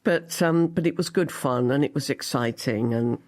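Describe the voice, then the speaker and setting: Her voice is very deep and a little mellow, moving at a moderate pace. She's a Liverpool-born actress in her seventies, appearing as an interview guest who shares stories and performs her own past thoughts along the way.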